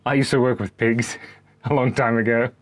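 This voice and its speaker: A man's voice: medium pitch, flat delivery, normal speed. A man, rambling playfully in a monologue from a backyard cubby house and slipping into animal noises. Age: 30s. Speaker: vlogger.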